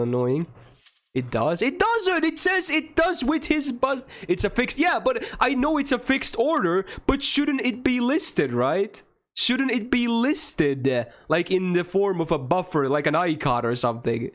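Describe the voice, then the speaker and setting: A man streaming a game live, talking casually to his chat and getting frustrated, swearing and ranting about the game. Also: fairly high pitch.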